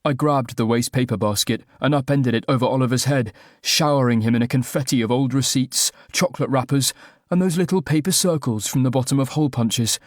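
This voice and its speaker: A man's voice: medium pitch, a little fast, no echo, studio quality. A man narrating a first-person romantic comedy audiobook with a wry, self-mocking comic delivery.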